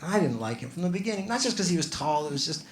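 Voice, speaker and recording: A male stand-up comedian on a comedy club stage, talking conversationally and building to loud exasperated outbursts. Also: a little high, very animated, fast talker. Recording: echoey club room with noisy ambience. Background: audience laughter.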